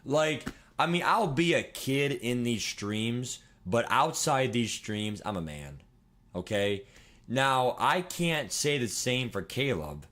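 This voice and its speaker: A man in his twenties chatting casually on a livestream, rambling and excitable, swearing and laughing as he talks. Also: medium pitch, slow pace. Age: 20s. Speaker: streamer.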